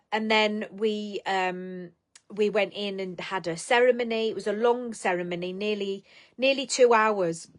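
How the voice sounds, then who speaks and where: A middle-aged woman hosting a casual live stream, chatting bluntly, swearing freely and giving tough-love pep talks to viewers. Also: medium pitch.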